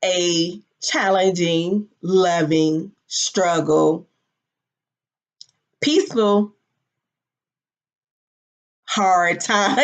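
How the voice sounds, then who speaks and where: A woman's voice: fairly low pitch, slow pace. Candid woman in her forties, lo-fi. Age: 40s. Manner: candid, emotional, swears casually. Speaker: business founder. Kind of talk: personal story monologue. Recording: dull lo-fi audio.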